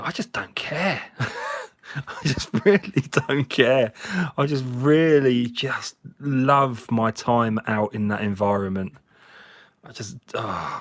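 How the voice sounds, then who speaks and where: A man's voice: lowish voice, fairly bright tone. Slightly tipsy man chatting live. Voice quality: jokey, chatty, laughs often. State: slightly drunk. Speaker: livestream host. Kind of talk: casual live chat while cleaning finds.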